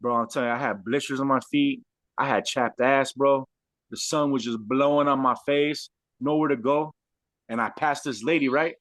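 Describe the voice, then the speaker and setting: A man from Southern California tells his life story with street slang, animated and casual, saying "bro" constantly. He speaks at normal speed in an ordinary middle-pitch voice, recorded dry and close with no room sound.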